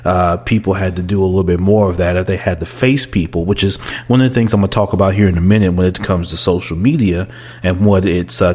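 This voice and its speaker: A man hosting a podcast, giving relaxed spoken commentary and thinking aloud with fillers. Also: deep voice. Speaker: podcast host. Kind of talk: casual commentary.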